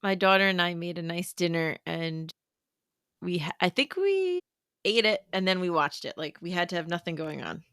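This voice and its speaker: A woman's voice: lowish voice, lively intonation, moderate pace, a bit bright, clean tone, no echo, clean studio sound. An American woman co-hosting a fan podcast, trading playful, joking banter in a casual chat. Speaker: podcast co-host.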